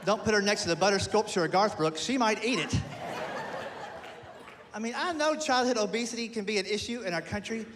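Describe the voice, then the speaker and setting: High-voiced self-deprecating stand-up man. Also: fairly quick. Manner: self-deprecating, animated storytelling. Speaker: stand-up comedian. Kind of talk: stand-up comedy. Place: theater stage with a live audience. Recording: long hall reverb, faint noise.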